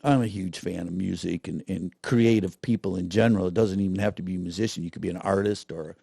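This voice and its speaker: A man's voice: deep voice, fast talker, creaky, slightly rough, no room sound, studio quality. A middle-aged man, telling stories in a casual interview and acting out the voices of people he quotes. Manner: animated storyteller, acts out quotes. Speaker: guest, festival director.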